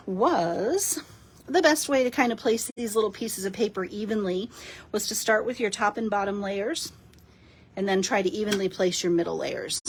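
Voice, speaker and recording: Chatty woman with a husky voice. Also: fairly high pitch. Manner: chatty, giggly, talks to viewers. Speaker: live-stream card-making host. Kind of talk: casual live crafting demo.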